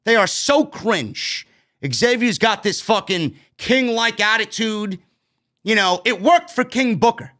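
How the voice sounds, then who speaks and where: A man's voice: high voice, bright, forceful tone. A man with a New York accent giving a blunt, profane, exasperated review of a wrestling show. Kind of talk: profane ranting commentary.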